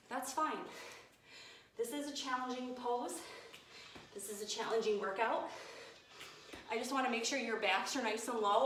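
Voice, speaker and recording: A woman's voice: fairly high pitch, a little hiss or hum. A woman leading a home workout, upbeat and coaching, counting down each set, recorded by a camera set some distance away in an echoey room. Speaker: fitness instructor. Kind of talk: guided home workout instruction. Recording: echoey room, mic far from speaker.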